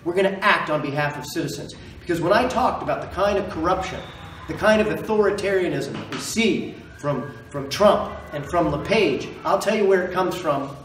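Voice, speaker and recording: A man's voice: a little high, animated, moderate pace, fairly bright tone, reverberant, recorded from a distance, slight background noise, rough recording. Impassioned man giving a stump speech. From Maine. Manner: impassioned, emphatic, repeats phrases for effect. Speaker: political candidate.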